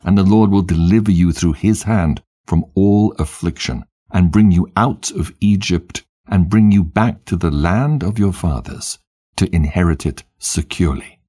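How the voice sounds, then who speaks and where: A man voices a dying old patriarch who gives his sons a grave last charge. The voice is deep, dark and husky. The reading is unhurried and solemn, a storybook scripture reading. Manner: solemn, measured exhortation.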